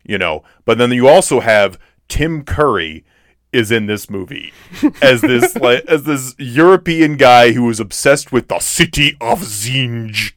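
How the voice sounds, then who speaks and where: Talking a little slowly, a man with an expressive mid-range voice rambles about a film as a podcast co-host, using many fillers and restarts. It's a casual review chat, captured as a dry, studio-quality recording.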